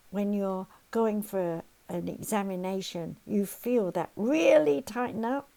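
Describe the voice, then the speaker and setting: The audio is poor, and the medium-pitched voice belongs to an older woman counselor leading a lesson. She guides listeners through exercises one step at a time, animatedly dramatizing everyday anxieties.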